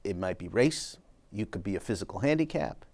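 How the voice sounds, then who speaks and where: A middle-aged man from Brooklyn, an executive guest, telling his story in a measured, reflective way. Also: on the low side, animated, a little mellow. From Brooklyn, New York. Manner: measured, reflective, acts out quoted dialogue. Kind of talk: conversational storytelling.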